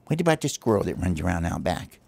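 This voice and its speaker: A man telling a home-made pretend play as a pet bird sleuth, in a low, scheming murmur. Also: big pitch swings, fast, vocal fry, a little mellow, a little hiss or hum. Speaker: storyteller dad playing the lead bird.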